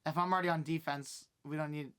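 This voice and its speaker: Fast, bright-voiced man chatting wryly. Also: on the high side, steady tone, clear, resonant tone. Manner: quick, wry remarks, some stammered restarts. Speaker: podcast co-host. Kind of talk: casual chat. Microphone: headset.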